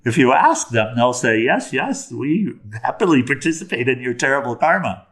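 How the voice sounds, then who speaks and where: A serene male sage of the heavens, as a storytelling teacher puts him on, speaking with calm, gentle patience. His tone is quiet and kindly, like a wise figure in a spoken parable. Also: mid-range voice, normal speed. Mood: gently warning. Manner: calm, gentle, warning softly.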